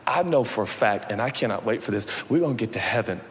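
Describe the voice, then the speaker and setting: A man preaching a sermon, animated, swinging from shouting to quiet with playful asides. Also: on the low side, quick pace, few pauses. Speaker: pastor. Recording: long hall reverb, faint background noise.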